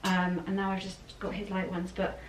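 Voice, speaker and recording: A young woman talking casually to a handheld camera as she goes about her day. Her voice sits at a middle pitch. She is chatty and self-deprecating, with frequent little laughs. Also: completely flat delivery, moderate pace, a little hiss or hum. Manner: chatty and self-deprecating, often laughing, with soft baby talk to her son. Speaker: vlogger. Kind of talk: casual vlog chat. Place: home and outdoors in town.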